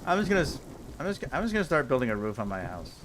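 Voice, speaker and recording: A man's voice: mid-range voice, big pitch swings, very fast, noisy background. A young man streaming a block game, ranting in exasperation and repeating himself as he plays. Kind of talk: casual game commentary.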